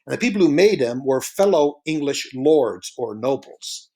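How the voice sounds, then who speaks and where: A man recording a narrated slideshow lecture, his voice sitting at an ordinary middle pitch. He explains at an easy pace, filling pauses with "uh" and drawing out key words slowly to stress them. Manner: relaxed and explanatory, with frequent "uh" fillers.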